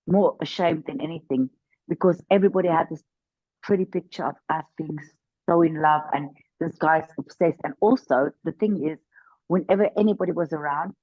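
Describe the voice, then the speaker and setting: A woman with a notably low voice speaks as an interview guest, telling her story in an earnest, emphatic way and stressing points by repeating herself. The recording is dry and a bit dull in its highs. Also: no room sound. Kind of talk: personal testimony in conversation.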